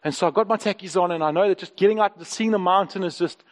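A man's voice: high-pitched, quick pace. A man, preaching a sermon and telling candid personal stories, often repeating his phrases. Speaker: pastor. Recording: long hall reverb.

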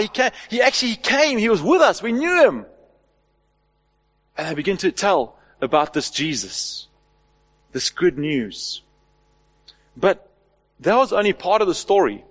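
A high-voiced male pastor preaches to his church, firing off rhetorical questions and leaning hard on key phrases. His voice rings out with a long hall reverb behind it. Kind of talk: sermon.

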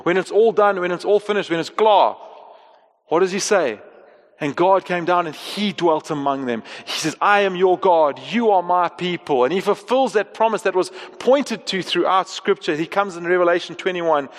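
A man preaching a sermon, earnest, moving between soft slow passages and raised emphatic ones. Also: high-pitched. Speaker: pastor. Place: church hall. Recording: long hall reverb.

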